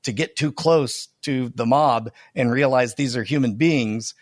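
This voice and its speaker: A man on a podcast as a guest, chatting casually about his own show and sometimes slowing into a dramatic movie-trailer delivery. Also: medium pitch, dry recording, clean studio sound. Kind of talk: casual chat.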